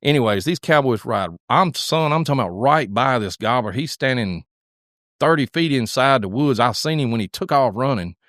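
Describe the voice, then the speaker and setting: Male co-host, relaxed studio storyteller with a mid-range voice and a close, dry mic. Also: medium pitch, normal speed, dry recording. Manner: animated, drawling hunting story with restarts. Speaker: podcast co-host. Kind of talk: casual storytelling. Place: podcast studio at a table.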